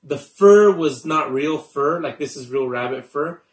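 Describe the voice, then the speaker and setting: A man's voice: a little high, lively intonation, measured pace. A male magician chatting casually and showing his gear, rambling with lots of fillers. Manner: rambling, with many fillers and restarts. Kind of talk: casual show-and-tell talk. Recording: echoey room.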